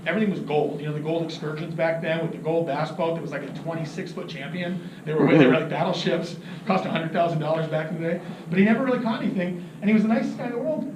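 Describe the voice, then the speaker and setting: A man teaching about fishing, telling an animated story, laughing often and acting out what people said. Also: fairly high pitch, fast, hardly any pauses. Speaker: fishing instructor. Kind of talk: anecdotal teaching talk. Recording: roomy, distant mic with noisy ambience.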